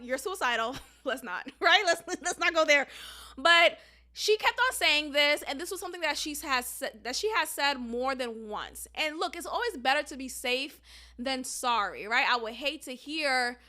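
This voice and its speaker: Woman podcast host, high voice, bright tone, outspoken, casual opinion talk. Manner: candid and outspoken, frequent "like" fillers. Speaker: teacher.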